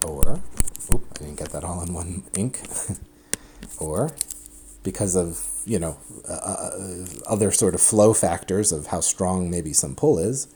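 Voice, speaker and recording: A man giving a recorded math lecture at a board, chatty and animated, often breaking off and restarting his sentences. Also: low voice, measured pace, noisy background. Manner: chatty, self-interrupting, animated explanations.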